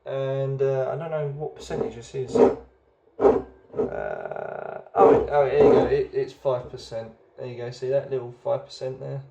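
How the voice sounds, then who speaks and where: A man's voice: medium pitch, little pitch movement, moderate pace, vocal fry, hardly any pauses, echoey room, dull audio, very noisy. A man hosting a casual beer review video, chatty and rambling, often hesitating as he goes.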